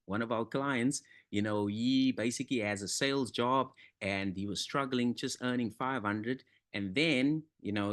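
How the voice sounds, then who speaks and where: A man coaching on money mindset, giving an enthusiastic, emphatic sales pitch that repeats its points. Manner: excitable, emphatic, repetitive.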